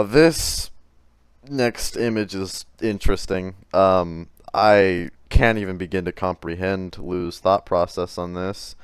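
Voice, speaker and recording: This commentary YouTuber has a low-pitched, clean voice recorded without room sound. Going through chat messages, he grows exasperated and curses, repeatedly stammering and beginning his sentences again.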